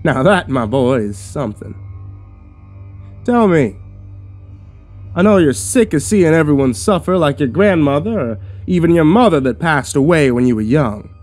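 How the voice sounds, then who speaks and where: A sinister cult reverend, put on by a man, in a loud, high-pitched, grandiose voice that taunts and preaches. He sweeps up and down with theatrical force. Soft music plays underneath this horror storytelling. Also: animated, normal speed. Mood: preaching. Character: sinister persuasive male cult reverend, mocking.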